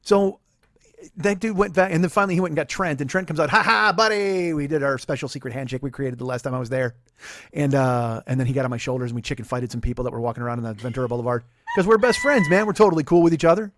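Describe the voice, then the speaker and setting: A man's voice: medium pitch, very fast. A man in his forties, a podcast host, telling a rambling, profane, self-deprecating comedic story. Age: 40s.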